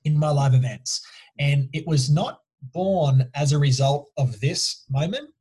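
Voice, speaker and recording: A man's voice: a little high, unhurried, mellow, breathy edge. A man, a mindset coach and guest, talking casually and emphatically, often checking in with "right?". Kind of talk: casual storytelling interview.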